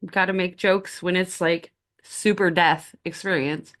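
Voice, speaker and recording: Low-voiced, slow-talking woman telling her story. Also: steady tone, a bit bright. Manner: candid, conversational, wry. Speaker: spiritual podcast host. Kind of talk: personal storytelling.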